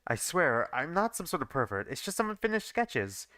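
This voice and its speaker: A shy young manga artist, quiet and defensive, as a man puts him on. He sounds deflated, in a bright, clear voice. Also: a little high, sing-song, moderate pace, dry recording. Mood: dejected.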